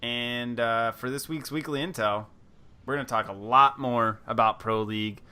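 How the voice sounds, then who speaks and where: A man's voice: medium pitch, moderate pace, sharp tone, clean tone. A man hosting a competitive gaming podcast, presenting segments in an upbeat, fluent way with casual fillers. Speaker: podcast host. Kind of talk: casual chat.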